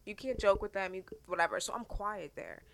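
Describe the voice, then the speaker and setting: A young woman talking fast and animatedly in a casual podcast chat, swearing often. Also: medium pitch, creaky. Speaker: podcast co-host.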